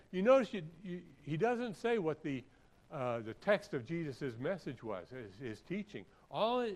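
Man preaching, clearing his throat. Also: fairly high pitch, low-quality recording. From San Francisco area. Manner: reads scripture then explains it conversationally, repeats phrases for emphasis. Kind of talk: expository sermon.

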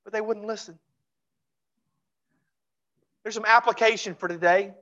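A pastor preaching a sermon in a church, fervent and repeating phrases for emphasis, dropping to a hush for closing pleas. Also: medium pitch, steady tone, a little slow, dull audio. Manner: drops to a hushed voice for closing pleas. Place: church sanctuary.

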